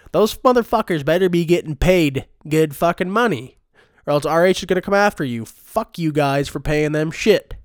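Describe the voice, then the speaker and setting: A man's voice: a little high, clear, resonant tone, no room sound, studio quality. A man hosting a satirical comedy podcast, ranting crudely with constant profanity while he sounds sick. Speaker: podcast host.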